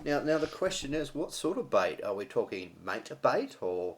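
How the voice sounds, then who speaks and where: A man's voice: mid-range voice, very animated, normal speed, a little hiss or hum. Chatty Australian man hosting a radio show. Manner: chatty, jokey, reads news items aloud. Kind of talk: casual chat radio show.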